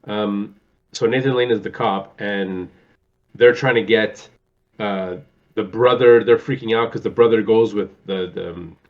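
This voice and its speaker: Rambling man, dull lo-fi sound. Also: steady tone. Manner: rambling, halting, many fillers, acts out quotes in a high theatrical voice. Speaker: podcast co-host. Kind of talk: casual movie chat.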